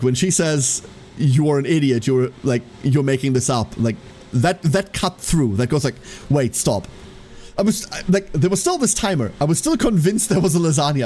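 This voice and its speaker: A man's voice: a little high, a little mellow. A man live streaming who tells a rambling story to his chat and swears freely.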